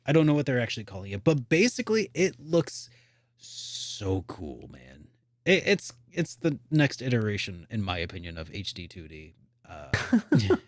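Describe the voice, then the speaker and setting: Guy rambling excitedly on a game podcast, lots of "like", dry close sound. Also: fairly low pitch, moderate pace, dry recording. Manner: rambling and excitable, heavy on "like" and restarts. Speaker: podcast co-host. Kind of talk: casual chat about video games.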